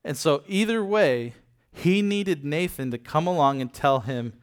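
Man preaching in a relaxed, chatty way. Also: a little high, unhurried, smooth. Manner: conversational, retells scripture in everyday words; addresses listeners with frequent "okay?" and "right?". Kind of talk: casual Bible teaching.

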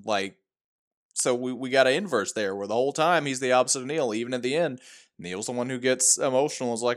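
A man co-hosting a casual movie podcast, telling scenes in an animated way and acting out lines. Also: mid-range voice, fairly quick. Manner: animated storytelling, acts out quotes. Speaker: podcast co-host.

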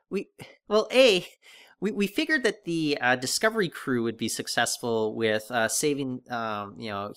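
Male podcast co-host, casual and halting, lots of ums and restarts. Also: mid-range voice, pushed and bright. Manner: hesitant, many fillers and restarts. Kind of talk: casual discussion.

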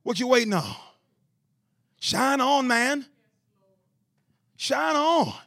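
A man preaching a sermon, shouting in a rhythmic call-and-response style and repeating phrases to the congregation. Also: very high voice, animated, slow pace, vocal fry, no room sound, clean studio sound.

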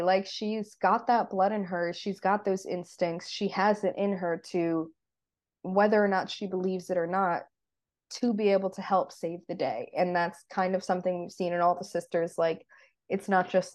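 A woman co-hosting a podcast, casually retelling a TV episode scene by scene and chatting with many "like"s. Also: on the low side. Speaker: podcast co-host.

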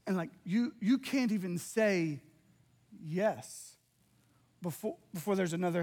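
A middle-aged man preaches as a pastor, his voice riding high. He is animated and openly emotional, slipping into quick acted-out exchanges as he goes. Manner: animated, emotional, acts out little dialogues. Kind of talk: sermon.

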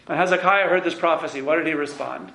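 A male teacher leading a text-study lesson, emphatic and animated, in a fairly high voice. The classroom rings with echo around him. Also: fast, creaky. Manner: animated and emphatic, reads quotes aloud.

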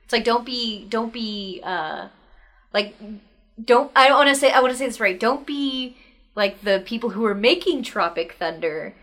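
A woman's voice: a little high, animated, normal speed, fairly bright tone. A woman in a casual podcast discussion, hesitant and searching for the right words.

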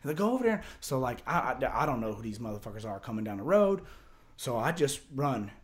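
A man telling a wild story in casual talk, rambling and profane with lots of fillers and restarts. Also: fairly quick. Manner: drops low and quiet for tense parts, gets loud and high for excited quotes. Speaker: storyteller guest.

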